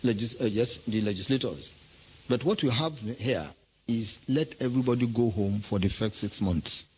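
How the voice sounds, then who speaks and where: A man's voice: medium pitch, normal speed, a little hiss or hum, rough recording. Emphatic man speaking on politics. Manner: emphatic, rhetorical questions. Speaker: politician giving remarks. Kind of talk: impassioned political statement.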